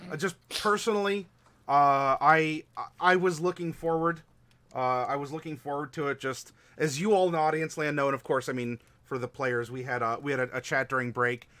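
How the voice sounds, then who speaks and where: Short on sleep and tired, this game master closes out his tabletop game stream, rambling through many fillers and restarts. He speaks at normal speed in a steady, fairly bright voice that sits on the high side.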